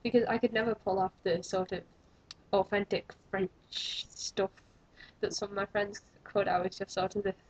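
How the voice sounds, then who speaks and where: Over dull lo-fi webcam audio, a young woman chats to camera in a rambling, self-deprecating vlog. Her mid-range voice holds a steady tone with a breathy edge at a moderate pace.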